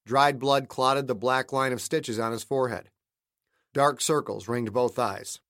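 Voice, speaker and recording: A man narrating a thriller audiobook he wrote, in a steady, measured storytelling manner. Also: medium pitch, dry recording, studio quality. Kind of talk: scripted narration.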